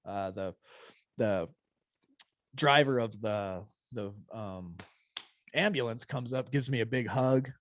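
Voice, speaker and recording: A middle-aged man tells his own story to a listening audience in blunt, unpolished words, swearing now and then. He relives the events in the present tense, stringing them together with fillers and quick restarts. His voice sits at an ordinary middle pitch. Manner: blunt and raw, with occasional swearing; vivid, present-tense retelling with many fillers. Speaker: speaker sharing a personal testimony. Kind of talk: candid personal storytelling to an audience.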